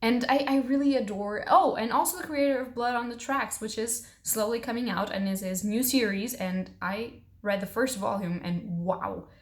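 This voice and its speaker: Woman book vlogger, rapid chatty delivery, playful and self-deprecating, casual at-home haul video. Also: fairly high pitch. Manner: fast-talking, bubbly and self-mocking. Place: at home, in pajamas.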